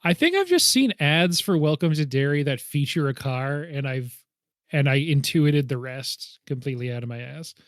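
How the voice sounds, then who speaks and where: A movie podcast co-host chats casually, hedging his guesses with self-deprecating laughs. His fairly high voice is sing-song and moderately paced, recorded in studio quality with no echo.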